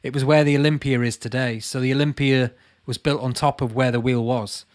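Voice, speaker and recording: A man in his late thirties with a Lancashire accent, hosting a relaxed livestream. His voice sits at a middling pitch. He reads out comments and answers them in a friendly, chatty way, often calling people mate. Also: brisk. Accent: Lancashire English. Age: late 30s. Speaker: channel host answering live chat. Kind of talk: casual livestream chat.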